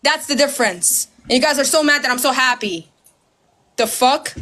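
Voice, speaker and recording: A woman ranting straight to camera, loud and heated, swearing constantly and mimicking her critics with sarcasm. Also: high-pitched, expressive, moderate pace. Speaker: social media creator. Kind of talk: ranting direct-to-camera video.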